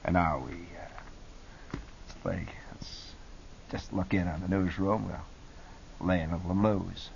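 A man putting on an ultra-cool, laid-back male jazz DJ with a low, slow, quiet voice. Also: steady tone, vocal fry, highs cut off, a little hiss or hum, heavily acted.

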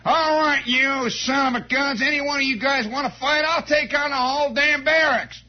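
A man voicing a brash, belligerent young Southern soldier who talks in loud, swaggering challenges. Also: very high-pitched, fairly even intonation, normal speed, pitched above the performer's own voice. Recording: dull lo-fi recording.

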